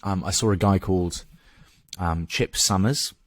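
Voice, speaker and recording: A man's voice: low voice, a little slow, no echo. A man in his thirties with an English accent, a podcast guest telling a candid story in a frank, casual way, swearing and restarting as he goes.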